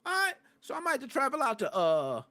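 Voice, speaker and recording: A man hosting a live gaming podcast, talking casually to his chat with excitable bursts and rants and plenty of swearing. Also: extremely high pitch, fast. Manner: talks to live chat viewers. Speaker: podcast host.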